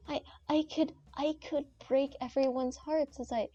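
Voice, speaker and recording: A young woman streams a game and chats casually with her viewers, rambling, playful, and joking. Her voice is high and mellow, and the stream audio is dull and lo-fi.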